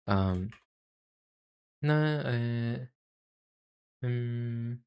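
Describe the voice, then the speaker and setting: A man streaming, chatting casually about language tones in a halting way, with many fillers and self-deprecating asides. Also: medium pitch, a little mellow, clear, resonant tone. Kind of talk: casual livestream chat.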